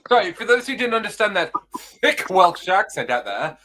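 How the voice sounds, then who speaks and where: A man's voice: sits high, big pitch swings, normal speed, pushed and bright, slight background noise. A British man hosting a casual podcast over a video call, playful and rambling with flustered asides. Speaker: podcast host. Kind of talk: casual chat.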